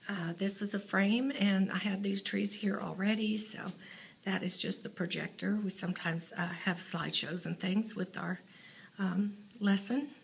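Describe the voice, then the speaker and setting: A woman giving a casual, halting walkthrough of a church classroom she decorated, filled with ums and uhs, filmed on a handheld phone indoors. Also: medium pitch, slightly rough. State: out of breath.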